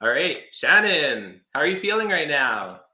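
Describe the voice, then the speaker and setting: A man's voice: a little high, very animated, a little slow, echoey room, a loud crowd. A male host chatting casually, upbeat with brief interjections. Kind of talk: casual chat.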